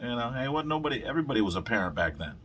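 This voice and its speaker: A man's voice: medium pitch, sing-song, fairly bright tone, a little hiss or hum. A man hosting his own podcast, rambling through a casual rant full of swearing. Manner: rambling, heavy swearing, quick laughs. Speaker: podcast host.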